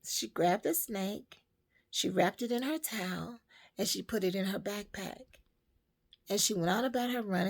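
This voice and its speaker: Slow, gravelly woman telling a parable. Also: medium pitch. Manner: slow, emphatic, preaching to women. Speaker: storyteller and motivational speaker. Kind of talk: spoken parable and life advice.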